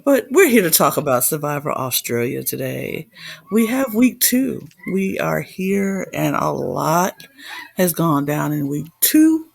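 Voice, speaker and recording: A woman's voice: deep voice, expressive, unhurried, vocal fry, no room sound. A woman hosting a podcast in a sassy, playful diva manner. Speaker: podcast host. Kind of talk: casual chat.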